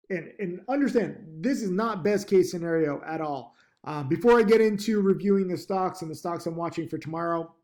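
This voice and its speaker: Recorded on a laptop mic, a man who teaches stock trading chats casually to camera, often saying um, restarting sentences and pushing upbeat encouragement. His voice sits on the high side and sounds a little mellow.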